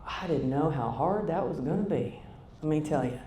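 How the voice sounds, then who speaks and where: Woman in her fifties, slightly low voice, motivational keynote speaker, chatty and direct with the crowd, roomy hall with faint rumble. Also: animated, normal speed, warm tone. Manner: conversational, addresses the audience directly. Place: conference hall stage.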